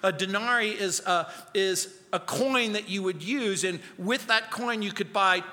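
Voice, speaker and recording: A man preaching verse by verse in a church, his voice high and bright against a long, ringing sanctuary reverb. He speaks slowly and deliberately, slipping into quoted voices and falling to a hush for his key points. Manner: acts out quoted voices, drops to soft quiet lines. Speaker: pastor. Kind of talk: expository sermon.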